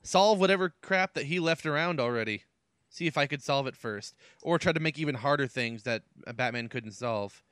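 A man's voice: mid-range voice, brisk, fairly bright tone, clean tone, no room sound, clean studio sound. A male podcast co-host in casual comedic chat, wry and playing along with the jokes.

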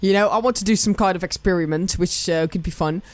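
A man's voice: high voice, quick pace. Joking young man. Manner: joking, rambling. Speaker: podcast co-host. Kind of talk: casual chat.

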